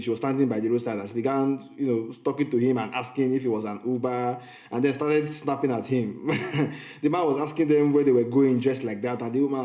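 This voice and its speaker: A man's voice: mid-range voice, mellow. A man, chatting casually as a film reviewer and storyteller, often restarting his sentences. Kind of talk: casual vlog recap. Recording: echoey room.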